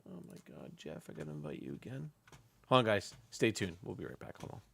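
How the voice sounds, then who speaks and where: Gravelly, animated male stream host. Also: deep voice, fairly quick, slight background noise. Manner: loose, laughing, swears freely, talks to chat. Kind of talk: casual live stream chat.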